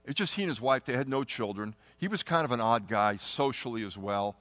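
A middle-aged man telling a personal testimony story, earnest and often dropping to a hushed tone. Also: mid-range voice, lively intonation, brisk, dry recording, soft background music. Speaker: testimony speaker.

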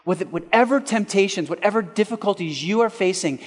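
A male pastor preaching a sermon, asking rhetorical questions and swinging between loud and hushed. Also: sits high, a little fast, long reverb tail.

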